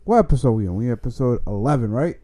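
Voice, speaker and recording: A man's voice: medium pitch, expressive, fast, dark tone. A man hosting a podcast in casual chat, joking and teasing his co-host.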